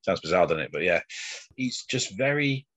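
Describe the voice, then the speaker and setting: A man's voice: sits low, lively intonation, normal speed, fairly bright tone. A man in his thirties co-hosting a podcast, rambling casually with lots of hesitation and fillers. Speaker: podcast co-host. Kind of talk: casual chat.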